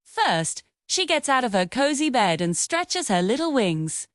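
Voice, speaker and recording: A young woman telling a children's story and leading a listen-and-repeat English lesson in a slow, clear, cheerful and encouraging voice. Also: high-pitched, very animated, no echo, studio quality. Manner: cheerful, encouraging, sing-song. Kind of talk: slow, clear narration for beginner learners.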